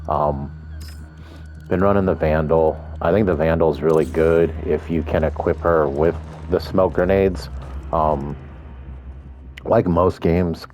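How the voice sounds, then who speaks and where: A man's voice: rumbling low, fairly even intonation, takes it slowly, darkish tone, muffled recording, faint music behind. A man giving casual gameplay commentary in a groggy morning voice, rambling along with frequent ums.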